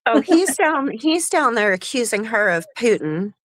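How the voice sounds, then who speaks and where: A woman's voice: on the high side, sing-song, unhurried, a bit bright, no room sound. A woman guest chatting casually on a live stream, talking in a chatty, storytelling way. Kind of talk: casual chat.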